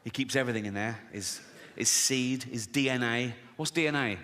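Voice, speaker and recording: A man's voice: mid-range voice, moderate pace, pushed and bright. A middle-aged English comedian doing a stand-up set on a big theatre stage, sardonic and swearing, often laughing at his own jokes. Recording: live concert hall reverb, faint audience noise.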